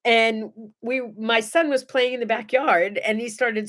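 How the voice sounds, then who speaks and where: A middle-aged woman hosting a morning show, chatting to viewers and telling animated stories. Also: on the high side, a little slow, few pauses. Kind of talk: casual chat and storytelling.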